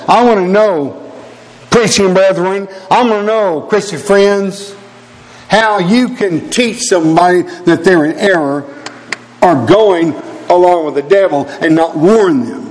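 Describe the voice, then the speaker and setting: An older male preacher delivers a fiery sermon, pressing his listeners with rhetorical questions and direct appeals. His voice sits a little high for a man, and long reverb trails each phrase as if filling a church hall. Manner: emphatic, rhetorical questions, addresses brethren.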